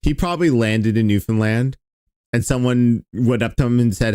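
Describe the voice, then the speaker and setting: A man's voice: mid-range voice, moderate pace, mellow, smooth, no room sound, clean studio sound. A man streaming, reacting to an old video in a casual, sarcastic and profane way.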